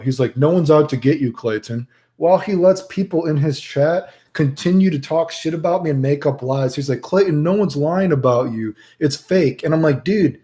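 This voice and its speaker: Rambling, profane male streamer in an echoey room. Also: medium pitch. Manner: profane, rambling, animated retelling with many filler dudes. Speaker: streamer answering chat questions. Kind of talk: casual storytelling to chat.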